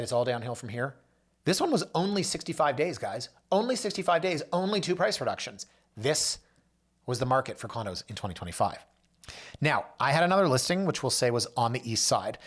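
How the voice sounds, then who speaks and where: A man hosting a real estate show, telling client stories in a casual monologue and acting out the people he quotes. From Canada. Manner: storytelling, acts out quoted voices with big pitch jumps. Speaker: realtor and show host.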